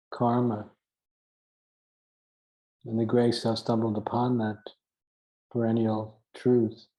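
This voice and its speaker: A man's voice: fairly low pitch, dark tone, low-quality recording. A man giving an earnest spiritual teaching talk, stressing his points by repeating phrases and now and then chuckling at himself.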